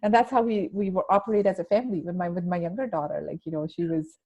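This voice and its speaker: Woman, middle-aged, low pitch, podcast guest, earnest, reflective, soft-spoken. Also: steady tone, fast, highs cut off. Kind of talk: personal storytelling in a podcast interview.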